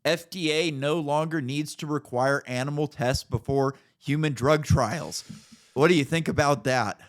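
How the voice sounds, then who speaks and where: A man's voice: fairly high pitch, unhurried. Ranting, profane man in his thirties. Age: 30s. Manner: profane, ranting, mocking voices in quotes. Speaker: podcast co-host. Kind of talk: casual podcast banter.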